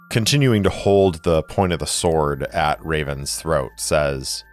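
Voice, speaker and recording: A man's voice: rumbling low, animated, a little slow, hardly any pauses, soft background music. A man narrating a solo tabletop role-playing game like film, describing each camera shot. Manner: cinematic, describing camera shots.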